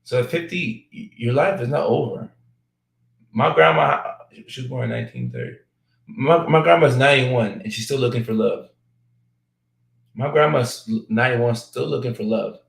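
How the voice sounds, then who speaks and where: A man with a mid-range voice and a gravelly, creaky edge chats as a guest on a talk show. He jokes around, then slows into halting, searching answers, and his voice carries a noticeable room echo. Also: medium pitch, sing-song. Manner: playful and joking, drifting into halting, hesitant talk. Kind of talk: casual chat.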